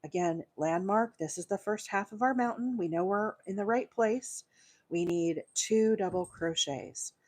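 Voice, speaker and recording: A woman's voice: mid-range voice, measured pace, darkish tone. Woman teaching crochet live. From Alabama, USA. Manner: patient step-by-step instruction, counting stitches aloud, frequent fillers. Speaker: crochet livestream host.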